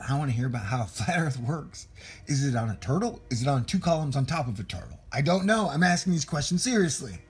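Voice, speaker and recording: A man's voice: on the high side, breathy edge. A man talking casually to his viewers in a loose, musing monologue with asides. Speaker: vlogger.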